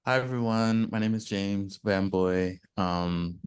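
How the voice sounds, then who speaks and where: A man introducing himself calmly and briefly on a video call. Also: fairly low pitch, slow pace, clean tone, dry recording, clean studio sound. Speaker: community project member.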